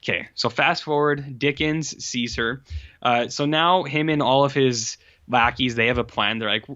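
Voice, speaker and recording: On a podcast, a male co-host gives a meandering, filler-heavy recap of a movie, full of likes and uhs. His medium-pitched voice moves at normal speed and sounds pushed and bright. The recording is dry and muffled.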